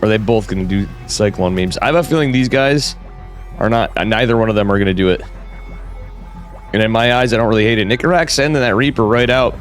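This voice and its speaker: Speaking quickly in a lowish voice over soft background music, this esports caster is fighting a cold. He keeps his live game commentary loose and chatty, joking with the viewers he addresses directly.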